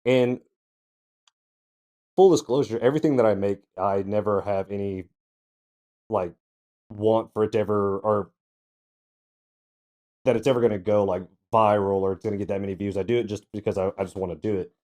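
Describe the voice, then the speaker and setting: A man's voice: lowish voice, fairly even intonation, normal speed, long pauses, mellow. A man co-hosting a casual podcast chat, telling a laid-back story with chuckles. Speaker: co-host.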